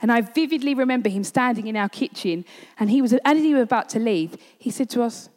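A woman's voice: on the high side, lively intonation, fast, darkish tone. Earnest woman preaching in a hall. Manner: personal storytelling, earnest. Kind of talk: sermon. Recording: long hall reverb.

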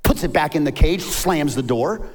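A man, a pastor preaching a sermon in a lively, story-telling way. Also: moderate pace. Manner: animated, rises to high emphatic peaks, tells jokes and stories. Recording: long hall reverb.

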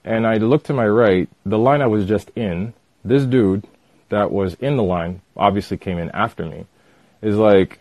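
Deep-voiced man telling a story. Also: moderate pace, no echo. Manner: animated retelling, repeats himself with fillers. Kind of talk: casual storytelling.

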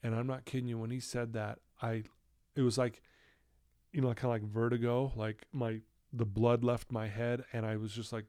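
A middle-aged man from Utah, a podcast guest telling his life story earnestly and acting out quoted dialogue in a hushed voice. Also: mid-range voice, little pitch movement, moderate pace, no room sound, clean studio sound. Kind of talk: candid podcast conversation.

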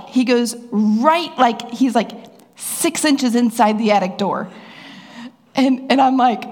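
A woman preacher telling a personal story to her church in a chatty way. She asks the crowd questions and acts out voices. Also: measured pace. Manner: acts out voices with rising pitch. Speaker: pastor. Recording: long hall reverb.

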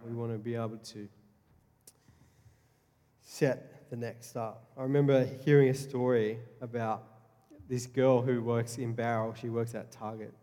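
Earnest pastor in a reverberant hall. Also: male voice, mid-range voice, mellow. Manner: earnest, repeats key phrases, frequent restarts. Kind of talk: sermon. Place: church hall. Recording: long reverb of a church hall.

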